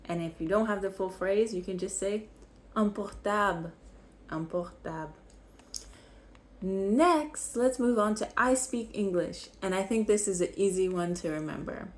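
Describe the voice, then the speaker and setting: A woman's voice: mid-range voice, lively intonation, moderate pace, few pauses. A young woman teaching basic vocabulary, patiently repeating each word so learners can follow along. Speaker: French teacher. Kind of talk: slow vocabulary lesson.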